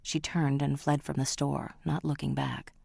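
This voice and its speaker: Audiobook narrator: woman, very deep, dry, dramatic and measured. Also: little pitch movement, gravelly, a little mellow, slightly rough, dry recording.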